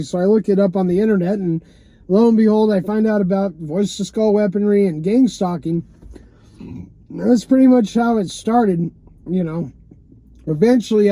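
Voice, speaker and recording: Guy, rambling vlog monologue from a parked car, high, mellow voice, dry close sound, lots of fillers and cussing. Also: no echo. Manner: loose and rambling, many fillers like "you know" and "man", swears often. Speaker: vlogger telling a personal story.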